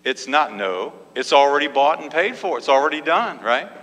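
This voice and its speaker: A man preaching with a bright, forceful voice and a slightly raised pitch. He drives his points with emphatic repetition and call-and-response exclamations. His voice rings with the long reverb of a church hall. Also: sing-song, normal speed. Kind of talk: sermon.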